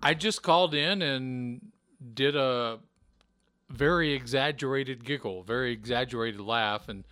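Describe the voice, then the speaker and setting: A man's voice: mid-range voice, a little slow, pushed and bright, clear, resonant tone, no room sound, clean studio sound. A man from Memphis co-hosting a podcast in casual chat, a chatty storyteller who laughs easily. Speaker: podcast co-host.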